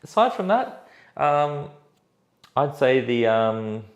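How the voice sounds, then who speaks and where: A man's voice: mid-range voice, big pitch swings, slow. A man talking as a guest after a tabletop game, laid-back and matter-of-fact as he explains the rules. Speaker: guest player. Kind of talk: casual post-game chat. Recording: echoey room.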